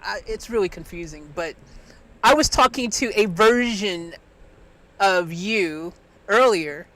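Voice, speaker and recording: Bright, rambling live-streamer voice. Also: medium pitch, slow. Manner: animated, rambling, with restarts. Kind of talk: casual live-stream chat.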